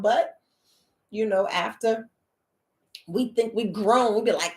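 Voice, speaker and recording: A woman life coach chatting casually on a livestream to her viewers, animated and laughing, often acting out what people say. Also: fairly high pitch, normal speed, roomy sound. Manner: animated, laughing, acts out quoted voices.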